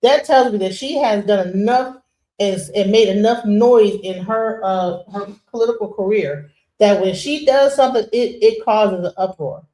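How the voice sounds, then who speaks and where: A woman hosting a stream, giving casual, animated commentary. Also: medium pitch, normal speed, echoey room, poor audio. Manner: animated, conversational, mocking impressions. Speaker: streamer host.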